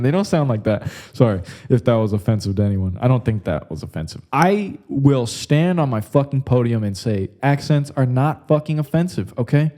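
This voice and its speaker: Young man, podcast host, loose crude storytelling, mellow tone. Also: mid-range voice, lively intonation, normal speed, few pauses. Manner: rambling, crude, says "like" and "bro" constantly. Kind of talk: casual comedic monologue.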